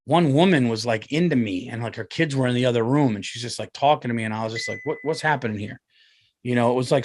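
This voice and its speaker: A man, telling a rambling, profane story on his podcast and loudly acting out other people's voices. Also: mid-range voice, dry recording, studio quality. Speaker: comedian and podcast host. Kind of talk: casual storytelling.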